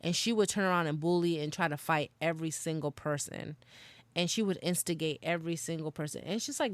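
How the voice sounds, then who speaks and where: Young woman, podcast host, smooth clear voice, dry close sound, slangy candid storytelling. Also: lowish voice, no room sound. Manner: casual slangy, swears, laughs while recounting.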